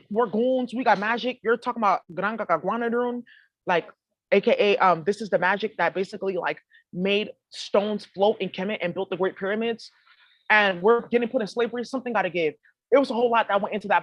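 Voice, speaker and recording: A woman's voice: medium pitch, fast, no room sound, dull audio. A woman vlogger talking casually to her viewers, swearing freely and rambling in slangy asides. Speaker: spiritual vlogger.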